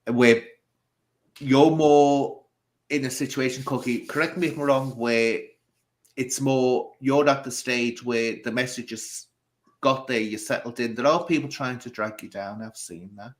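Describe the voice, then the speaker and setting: A man's voice: medium pitch, steady tone, measured pace, poor audio. Reflective man hosting a casual chat. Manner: reflective, loosely strung questions. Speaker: host.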